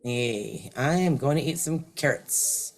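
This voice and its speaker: A woman co-hosting an online language lesson, coaching students with slow, patient prompts over a video call. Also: very deep voice, expressive. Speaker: language teacher and co-host.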